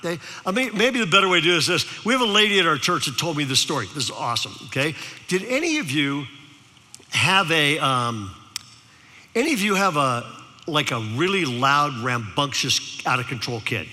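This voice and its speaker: A man's voice: a little high, moderate pace, long reverb tail. A male pastor preaching a sermon, telling a story and drawing in his audience. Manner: storytelling, animated, engages the audience.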